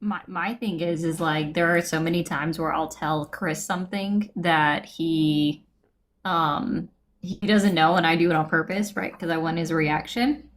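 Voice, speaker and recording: A woman's voice: low voice, steady tone, a little slow, slight background noise. A woman co-hosting a live show, chatting casually and telling stories. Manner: chatty, storytelling. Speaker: co-host. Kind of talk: casual chat.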